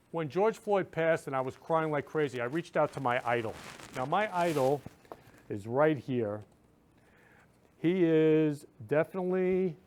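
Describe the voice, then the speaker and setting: A man's voice: a little high, darkish tone, a little hiss or hum. Effusive man hosting a livestream. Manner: effusive, repetitive, earnest. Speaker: show host. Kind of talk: casual talk to viewers.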